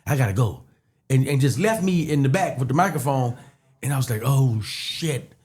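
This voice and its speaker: A man's voice: medium pitch, moderate pace. A man, a comedian guest telling stories in casual podcast chat and acting out the other people's voices. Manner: animated storyteller acting out voices.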